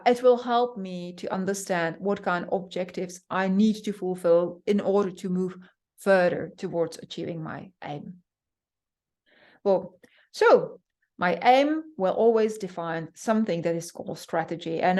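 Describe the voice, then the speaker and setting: Woman instructor, middle pitch, earnest lecture delivery, self-correcting. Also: a little mellow. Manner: earnest, self-correcting, repeats key words. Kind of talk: explanatory lecture on project management.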